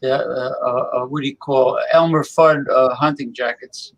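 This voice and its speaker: A man's voice: medium pitch, steady tone, normal speed, lo-fi sound. A man co-hosting a casual talk show, rambling with lots of fillers and restarts. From New Jersey. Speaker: co-host. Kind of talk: casual chat.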